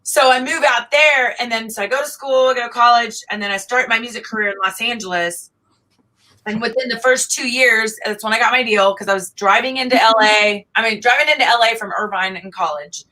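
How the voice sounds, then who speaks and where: A woman's voice: on the high side, fairly quick, bright, forceful tone, low-quality recording. A middle-aged woman, chatting animatedly as a guest and laughing often. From Oklahoma. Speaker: guest singer-songwriter. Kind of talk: casual interview chat.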